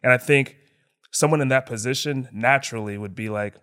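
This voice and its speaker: A man's voice: mid-range voice, brisk, bright, forceful tone, smooth. A man co-hosting a casual podcast, reasoning aloud and checking in with "right?". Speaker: podcast co-host.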